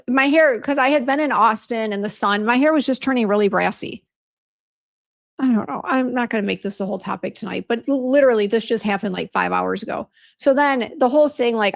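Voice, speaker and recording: Gravelly-voiced woman venting on a livestream. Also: on the high side, fairly quick. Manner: chatty, venting, lots of "like" and restarts. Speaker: beauty brand owner hosting a livestream. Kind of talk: casual livestream chat reading viewer comments.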